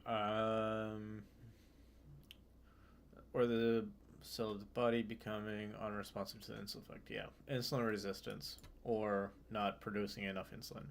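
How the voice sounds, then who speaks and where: A young man with a low voice works through his study notes aloud, reading a passage and then talking it over. He talks in a loose, casual way, full of ums and restarts. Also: little pitch movement, moderate pace, slight background noise. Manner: reads text aloud then explains loosely with fillers and restarts. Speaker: student streamer.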